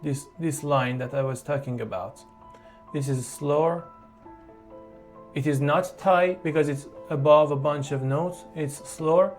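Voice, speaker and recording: A piano teacher who explains a beginner piece in a slow, halting way, with frequent fillers and restarts. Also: mid-range voice, darkish tone. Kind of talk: online piano tutorial.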